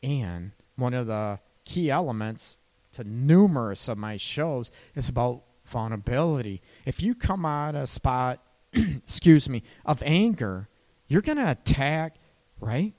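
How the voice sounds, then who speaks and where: A man's voice: mid-range voice, animated, darkish tone. A man who works as a couples therapist, giving relationship advice in a conversational way and often checking in with "right?". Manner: slow, conversational, tags lines with "right?".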